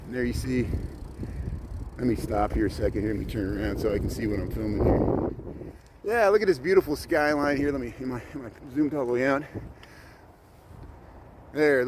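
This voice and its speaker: Riding along a city lakefront harbor, a man with a mid-range voice chattily narrates a livestreamed bike tour and points out sights. The audio is rough, coming from a bike-mounted camera, with outdoor wind from riding and traffic noise.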